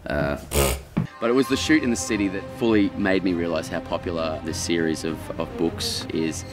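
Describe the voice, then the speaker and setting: Deep-voiced Australian man telling stories. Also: normal speed, over music. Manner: animated storyteller, acts out quotes. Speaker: actor recalling a film shoot. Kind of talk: casual interview anecdotes.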